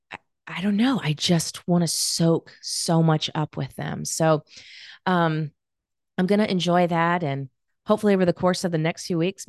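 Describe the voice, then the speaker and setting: A woman in her forties hosting a solo podcast, talking in an earnest, reflective way with halting pauses and fillers. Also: low voice, a little mellow, no room sound, clean studio sound. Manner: halting, many fillers and restarts. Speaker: podcast host.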